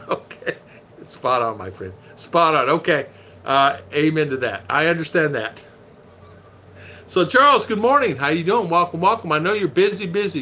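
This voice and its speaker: A folksy American man hosts a casual live stream and chats along with his viewers. His voice is bright and a touch high for a man. A faint hiss of background noise sits under it. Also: lo-fi sound. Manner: chatty, folksy, reads viewer comments aloud.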